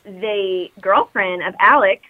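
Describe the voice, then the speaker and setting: A woman's voice: mid-range voice, slow, phone-quality sound. A woman co-hosting a podcast, recapping a movie as a chatty, rambling storyteller. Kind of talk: casual chat recapping a movie.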